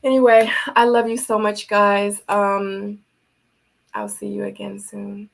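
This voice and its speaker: A woman's voice: mid-range voice, flat delivery, slow pace, creaky. A woman hosting a livestream, signing off in a chatty, affectionate way, easily moved. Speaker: livestream host. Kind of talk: casual livestream sign-off.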